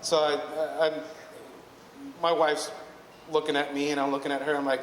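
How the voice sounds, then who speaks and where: A man's voice: on the high side, steady tone, moderate pace, pauses often. A man telling a personal story live to an audience, chatty and rambling, often correcting himself. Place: hall at a live storytelling evening. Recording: echoey hall with long reverb, faint noise.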